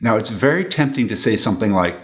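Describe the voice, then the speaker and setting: A man's voice: lowish voice, expressive, fast. A man giving relationship advice to camera in an earnest, instructional way, repeating his key points.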